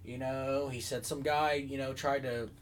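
A man's voice: medium pitch, level tone, a little slow, slight background noise, rough recording. A man chatting casually on a podcast, telling a long story with lots of fillers and asides. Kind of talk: casual chat.

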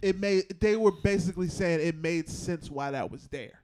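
A man co-hosting a podcast, talking in relaxed slangy banter with friends. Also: high-pitched, normal speed. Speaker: podcast co-host. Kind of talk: casual chat.

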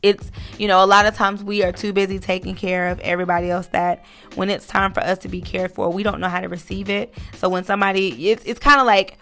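Gravelly-voiced woman podcaster, earnest. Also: medium pitch, level tone, fast, fairly bright tone, faint music behind. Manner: earnest, motivational, many fillers. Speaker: podcast host. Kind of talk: casual encouraging monologue.

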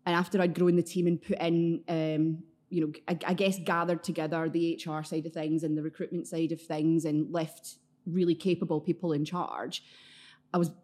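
Glaswegian woman, thirties, lower voice, chatty and self-deprecating interview guest. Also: flat delivery, normal speed, warm tone. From Scotland, Glasgow area. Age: 30s. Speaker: podcast guest. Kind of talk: casual interview chat.

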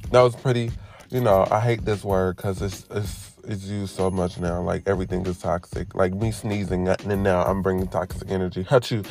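A man with a somewhat low voice holds forth on a casual solo podcast. He talks in an animated, sermon-like way, stacking rhetorical questions and slang, and wanders off on tangents before reining himself back in. Faint music plays behind him. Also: normal speed. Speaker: podcast host. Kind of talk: casual monologue.

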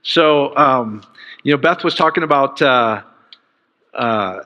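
A man's voice: mid-range voice, expressive, slow, pushed and bright. A man preaching a sermon in an enthusiastic, conversational way. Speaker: pastor. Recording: dull sound with long hall reverb.

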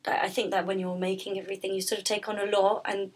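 A husky-voiced woman talks casually about her work, drifting and restarting her sentences and filling gaps with ums. Her pitch stays fairly flat throughout. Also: fast. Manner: rambling, with many fillers and restarts. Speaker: pastry business founder, guest. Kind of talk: casual interview chat.

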